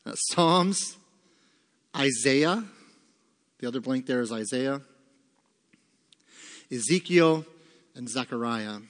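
A man's voice: medium pitch, expressive, takes it slowly, long pauses. A man teaching a Bible lesson to a congregation, emphatic, asking rhetorical questions and answering them himself. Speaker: pastor teaching a Bible study. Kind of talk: sermon-style Bible teaching with fill-in notes. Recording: long reverb of a large room.

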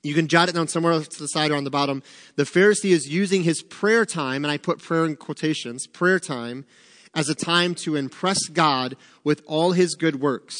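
A man preaches to a small group in a relaxed, conversational way, lively and joking between points. His voice sits a little high. Long reverb trails off the room around him. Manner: animated, chatty, joking asides. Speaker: pastor teaching a Bible study. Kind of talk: conversational sermon.

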